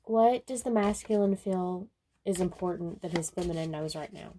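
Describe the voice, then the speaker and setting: A woman giving a casual spoken tarot reading, unhurried and musing, often breaking into soft laughter. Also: lowish voice, a little hiss or hum. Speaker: tarot card reader.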